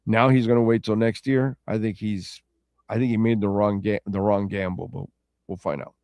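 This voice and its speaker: A man's voice: fairly low pitch, level tone, moderate pace, darkish tone, dry recording. Rambling, chatty male talk show host. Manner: rambling and self-correcting, loose and chatty. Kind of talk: casual sports talk show chat reading listener comments.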